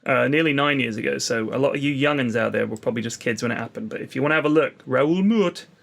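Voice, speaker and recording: A man's voice: medium pitch, fast, creaky, fairly bright tone. A young man co-hosting a casual podcast chat, telling jokey stories with swearing and slipping into put-on voices. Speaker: podcast co-host.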